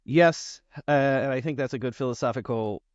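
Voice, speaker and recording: A man hosting a relaxed podcast chat, wandering through his thoughts with frequent fillers and restarts. His voice sits at an ordinary middle pitch. The recording is dry and slightly muffled. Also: no room sound. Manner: rambling, halting, many fillers. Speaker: podcast host. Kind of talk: casual interview chat.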